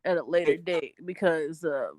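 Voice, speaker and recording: A woman's voice: deep voice, moderate pace, a little mellow, no echo. A woman co-hosting a podcast, speaking in an outspoken, emphatic and playful way. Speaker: podcast co-host. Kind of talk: casual podcast chat.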